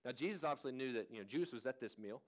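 A man's voice: medium pitch, animated, racing. A man in his thirties preaching a sermon as a pastor, in an earnest, conversational way, often restarting his sentences.

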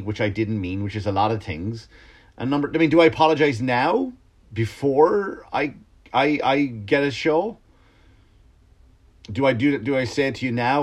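A man ranting at ordinary pitch in a casual podcast monologue. He is a comedian who swears freely and restarts his sentences as he goes, and the whole thing stays animated.

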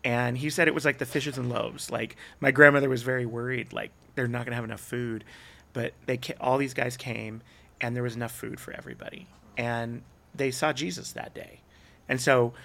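A middle-aged man, a podcast guest, telling stories in a casual chat and acting out the people he quotes with big jumps in pitch. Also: vocal fry, bright, forceful tone.

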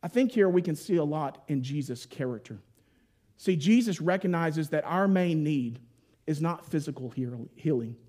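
A man with a high, light voice preaches a sermon like a storyteller. He jumps into playful voiced asides and then drops to a hushed, solemn hush for weighty moments. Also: animated, moderate pace.

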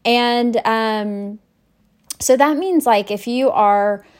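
A woman's voice: fairly high pitch, drawn-out words, a little mellow. A woman teaching nursing students in a conversational recorded lecture, talking with many fillers and restarts. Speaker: nursing instructor.

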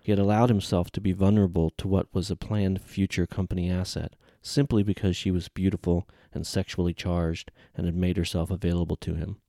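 A man reading a novel aloud in measured, even audiobook narration. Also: sits low, vocal fry, no echo, studio quality.

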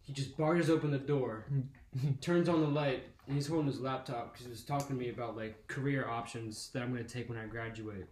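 A young man tells a story in a loose, profanity-heavy way, jumping into the voices of the people in it. His voice sits at an ordinary pitch. The room sounds echoey, with a faint hiss under it. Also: fairly quick, a little mellow. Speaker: podcast host. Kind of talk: casual storytelling.

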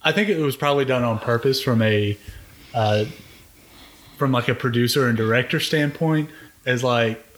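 Man, podcast co-host, even-handed and a little hesitant, mid pitch. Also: normal speed, a little hiss or hum. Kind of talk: casual chat reviewing a TV series.

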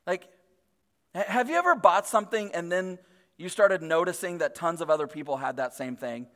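A man in his thirties preaching in a loose, conversational way, his voice sitting a little high for a man. He strings his thoughts together with fillers and quick restarts. Long reverb from a large hall trails after each phrase. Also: lively intonation, pushed and bright. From Northern California. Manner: chatty, filler-heavy, self-deprecating. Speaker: pastor. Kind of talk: casual storytelling sermon.

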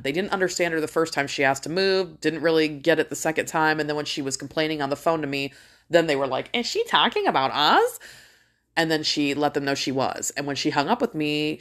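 Deep-voiced middle-aged lady venting to her followers, cusses nonstop, tells it like a story. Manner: blunt, swears a lot, animated storytelling. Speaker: vlogger. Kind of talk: casual rant to viewers.

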